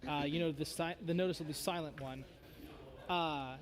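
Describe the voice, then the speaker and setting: A man's voice: fairly high pitch, fairly even intonation, moderate pace. A man running a tabletop game as game master, narrating loosely with many fillers.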